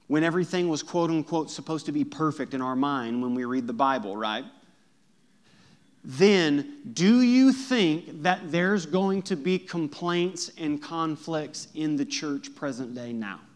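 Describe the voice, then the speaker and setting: A man preaching a sermon in a church, emphatic and often asking the congregation direct questions. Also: on the high side. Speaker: pastor.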